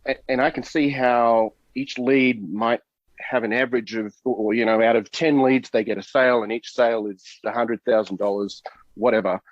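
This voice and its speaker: A mid-pitched man on a video call asks earnest questions, thinking out loud and restarting his sentences as he goes. His voice comes through dull and dry, with a muffled, lo-fi sound. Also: steady tone, moderate pace, no echo. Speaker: coaching client, software developer. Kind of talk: casual conversation on a call.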